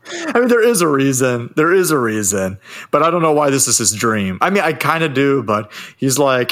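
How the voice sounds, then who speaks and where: A man's voice: mid-range voice, big pitch swings, normal speed, fairly bright tone. Rambling, profane man recapping a movie. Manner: rambling, profane, laughs often. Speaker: podcast co-host. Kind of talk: casual chat recapping a movie.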